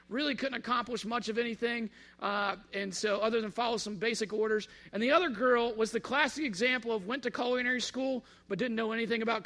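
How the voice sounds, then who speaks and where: Man, casual storyteller, bright tense tone, animated, acts out quotes. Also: high-pitched. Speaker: speaker telling a personal story.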